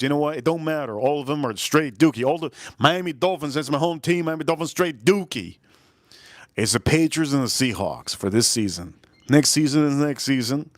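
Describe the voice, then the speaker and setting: A man's voice: mid-range voice, dry recording. Rambling man hosting a live whiskey tasting. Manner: rambling, repeats phrases, gives chat shout-outs. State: voice turning deeper, feeling a bit ill. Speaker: live-stream whiskey reviewer. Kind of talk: casual live-stream tasting review.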